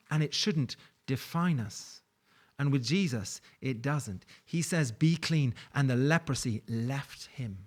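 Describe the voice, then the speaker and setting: Guy giving a sermon, slightly high voice, chatty storyteller vibe. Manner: warm conversational preaching with light laughs. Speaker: pastor.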